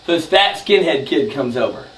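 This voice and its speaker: A man's voice: fairly high pitch, normal speed. A man telling a rowdy, profane story, laughing as he acts out the people in it. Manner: profane, laughing, animated retelling. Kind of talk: casual storytelling. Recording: roomy, distant mic with faint noise.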